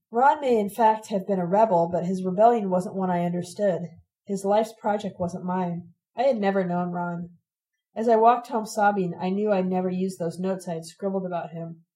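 A woman narrating a first-person memoir in a steady, reflective way. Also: medium pitch, rough recording. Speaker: audiobook narrator.

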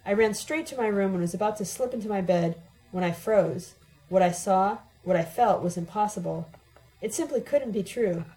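A woman's voice: mid-range voice, lively intonation, brisk, warm tone, low-quality recording. A woman giving an emotionally charged, dramatic first-person audiobook narration.

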